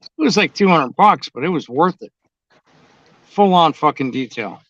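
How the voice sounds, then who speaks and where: A man's voice: fairly high pitch, expressive, normal speed, fairly bright tone. A man chatting casually and bluntly, swearing constantly as he tells his stories. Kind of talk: casual profane chat. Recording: dull, dry lo-fi sound.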